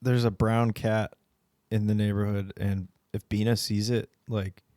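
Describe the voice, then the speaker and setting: A young man co-hosting a podcast in casual chat, telling animated, profane stories and acting out what his pets say. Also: fairly low pitch, a little slow, no room sound, studio quality. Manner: animated storytelling, swears freely, acts out pets' voices. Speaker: podcast co-host.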